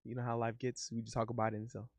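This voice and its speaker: A man's voice: medium pitch, completely flat delivery, racing, creaky, dry recording, studio quality. A man in his thirties chatting casually on a livestream, rambling and repeating himself in slangy talk. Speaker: live streamer. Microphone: studio condenser mic.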